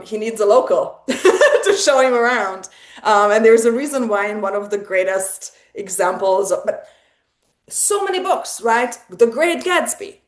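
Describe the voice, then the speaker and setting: A woman leading a casual literary discussion, animated and digressive, often laughing and restarting her sentences. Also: medium pitch, reverberant. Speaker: salon host. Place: online video salon.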